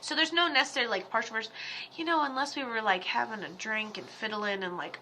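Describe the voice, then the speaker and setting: Chatty bright-voiced woman giving readings. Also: a little high, slight background noise. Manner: chatty, rambling, quick asides and quoted voices. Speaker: medium giving live readings. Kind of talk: casual livestream readings.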